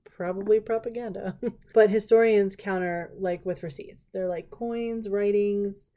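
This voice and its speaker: A woman hosting a casual solo podcast, chatty and jokey, full of "like" and quick asides, often laughing. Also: medium pitch, steady tone, dark tone. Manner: laughs often and slips into silly put-on voices. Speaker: podcast host.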